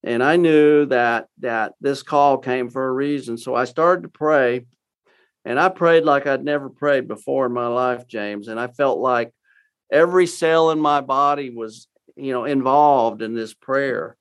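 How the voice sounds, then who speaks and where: Speaking in a clear, resonant, medium-pitched voice, an older man from Texas recounts his story as an interview guest. He goes about it in a folksy way, stopping and starting often and leaning on plenty of fillers.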